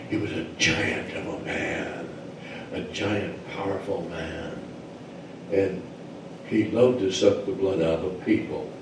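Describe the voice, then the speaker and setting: Low-voiced man telling a legend in church. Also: mellow, slight background noise. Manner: folksy and digressive, many uh fillers. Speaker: church speaker. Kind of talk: sermon storytelling. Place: church service. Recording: very echoey church hall, mic far off.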